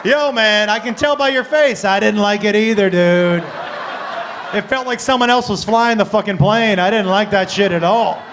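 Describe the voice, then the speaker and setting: A middle-aged man doing loud, profane, animated stand-up comedy in a comedy club, speaking into a handheld mic. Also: high voice, normal speed, noisy background. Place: comedy club stage before a live audience.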